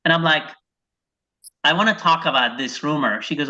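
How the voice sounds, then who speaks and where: A man from Iraq doing a stand-up set over a video call, telling deadpan one-liners and acting out his wife and his dog. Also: on the high side, moderate pace. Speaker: stand-up comedian. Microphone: video call microphone. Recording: dull lo-fi video call audio.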